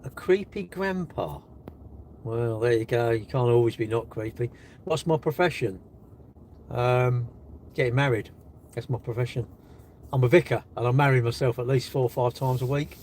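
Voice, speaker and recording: A man's voice: medium pitch, normal speed, a little mellow, slight background noise. Cocky older man teasing his chat. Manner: cocky, teasing banter with viewers. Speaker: livestream host reading chat. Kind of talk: casual live-stream chat.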